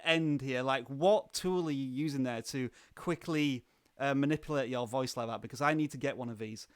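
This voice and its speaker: A man hosting a livestream interview, chatting enthusiastically with halting restarts. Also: mid-range voice, clear, resonant tone. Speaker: livestream host. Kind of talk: casual interview chat.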